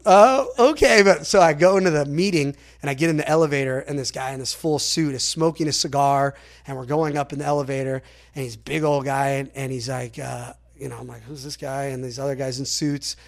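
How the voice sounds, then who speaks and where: A man, a podcast guest, telling stories in a rambling, animated way, full of "like" fillers and acted-out quotes. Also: medium pitch, fairly quick, vocal fry. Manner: acts out other people's lines in quotes. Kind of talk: casual storytelling in an interview.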